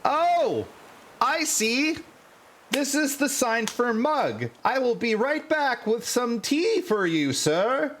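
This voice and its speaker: A squeaky, nervous little sidekick doctor, as a man puts him on, meek and fussy about his tea, his voice leaping far above a normal man's pitch. The recording has a faint hiss of ambience behind it. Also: big pitch swings, slow, a bit bright, heavily acted. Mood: fretful. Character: timid high-voiced male sidekick doctor, tea-making servant.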